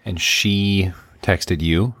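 A man with an extremely deep voice hosts a casual conversation, recorded dry and close. He listens with sympathy and asks gentle follow-up questions. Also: fairly even intonation, extremely slow, dry recording.

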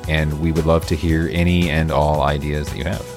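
A man's voice: very deep voice, little pitch movement, moderate pace, music in the background. A man co-hosting a podcast, chatting in an easygoing, agreeable way and laughing along. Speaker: podcast co-host. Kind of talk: casual podcast chat.

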